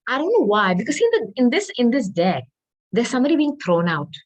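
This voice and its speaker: A woman reads tarot aloud, repeating herself and tossing in hedging asides while clearing her throat as her voice gives out. Her voice is a little high and sing-song, she talks a bit fast, and the audio is poor.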